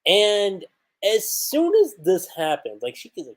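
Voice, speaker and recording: A man's voice: on the high side, big pitch swings, normal speed, poor audio. A man hosting a casual livestream manga chapter review. He thinks aloud, restarts often and laughs.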